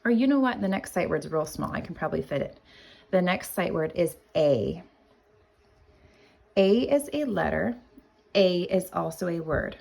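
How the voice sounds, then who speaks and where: A woman teaching kindergarten sight words, spelling each one out letter by letter in a deliberate, drawn-out way. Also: fairly low pitch, expressive, vocal fry, darkish tone. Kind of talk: slow spelling lesson for young children.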